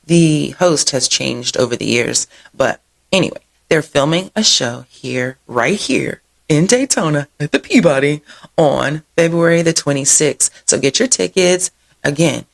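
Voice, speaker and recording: This local events show host has a low, gravelly voice edged with vocal fry. Her rundown of what's happening around town is loose and chatty, drifting into side stories, with easy laughter and frequent "y'all."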